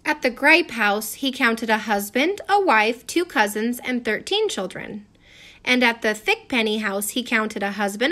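A woman reading a storybook aloud with an expressive storytelling cadence. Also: a little high. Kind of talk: storybook read-aloud narration.

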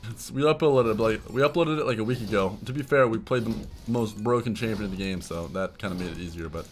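A young man giving excited, laughing commentary while playing a video game, with loud yelps between mumbled asides. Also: lowish voice, quick pace. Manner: hyped, yelling bursts and mumbled asides; laughs often. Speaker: streamer. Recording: game music behind voice. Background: game music.

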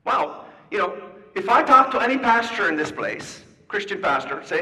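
Male speaker, high and bright, animated storyteller, heard from a distance in a large reverberant hall. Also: normal speed. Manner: animated storyteller acting out dialogue. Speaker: speaker giving a talk. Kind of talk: storytelling talk to an audience.

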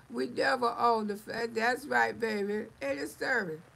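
A woman's voice: on the high side, measured pace, creaky, a bit bright, slightly rough, rough recording. A middle-aged woman hosting a live stream, chatting casually, reading viewer comments aloud, blunt and salty, laughing often.

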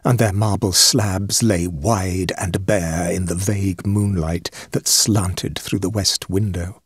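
Husky male storyteller reading a ghost story. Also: low-pitched, steady tone, no room sound, studio quality. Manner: measured, dramatic storytelling. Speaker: audiobook reader. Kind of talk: scripted narration of a ghost story.

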